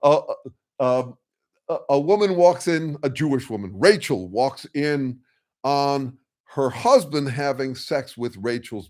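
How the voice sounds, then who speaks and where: A man's voice: mid-range voice, a little mellow. Rambling frank man. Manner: rambling, frank, swears, restarts mid-phrase. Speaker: host. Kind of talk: casual discussion on a video call.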